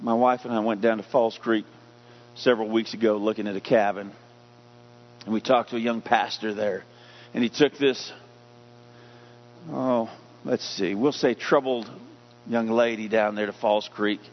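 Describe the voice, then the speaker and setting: A man's voice: lowish voice, steady tone, moderate pace, long pauses, a little hiss or hum. Emphatic male pastor preaching, muffled recording. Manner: emphatic, asks the congregation questions. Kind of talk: sermon. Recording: dull lo-fi recording.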